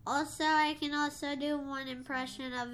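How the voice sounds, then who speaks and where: Podcast co-host, woman, high and bright, unhurried, stumbling over words. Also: little pitch movement, slight background noise. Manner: halting, with many restarts. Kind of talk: casual podcast chat.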